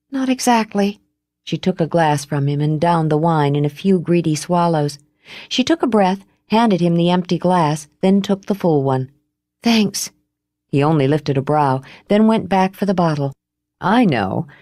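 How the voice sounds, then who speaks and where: A woman reads a novel aloud in a low, measured voice, giving the prose an expressive lift. The recording is dry and close, with no room sound around her. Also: no echo. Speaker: audiobook narrator. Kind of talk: scripted narration.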